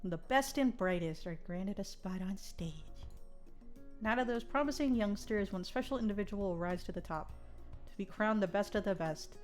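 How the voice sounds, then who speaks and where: A woman streamer reading a visual novel aloud in a soft narrating voice, then breaking into loud, giggly reactions to her chat. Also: medium pitch, normal speed, soft background music.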